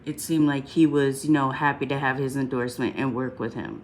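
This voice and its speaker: A woman's voice: rumbling low, fairly even intonation, fairly quick, slight background noise. A congested woman talking casually on a livestream, rambling and chatty, often saying "um" and asking "right?" along the way.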